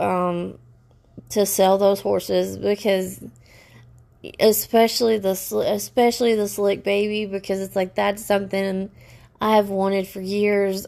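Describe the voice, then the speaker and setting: A woman rants to her viewers in a stressed, halting way, restarting her sentences again and again. Her voice is gravelly with a lot of fry. Her pitch stays flat and level throughout. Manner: upset, halting, many restarts. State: stressed and upset. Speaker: vlogger. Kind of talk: personal rant to camera.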